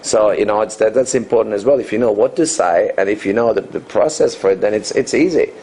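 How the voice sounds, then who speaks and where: A man's voice: on the low side, fast talker, warm tone, poor audio. A man in his fifties, a dating coach answering interview questions in a loose, rambling way, full of "you know" and restarts. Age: 50s.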